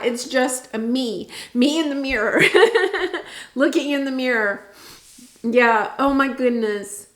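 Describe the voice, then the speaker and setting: A woman with a high, light voice gives a tarot reading straight to her viewers. She talks in an earnest, meandering, heartfelt way. The sound carries a roomy echo. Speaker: tarot reader. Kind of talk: intuitive tarot reading to camera.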